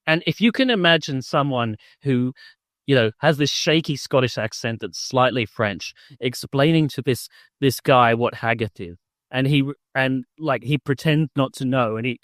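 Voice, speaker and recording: A man's voice: mid-range voice, normal speed, a bit bright, no room sound, studio quality. A man co-hosting a podcast, chatting casually and enthusiastically about a film, with lots of restarts and fillers. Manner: rambling, full of "like" and restarts, enthusiastic. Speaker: podcast co-host. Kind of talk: casual film-review chat.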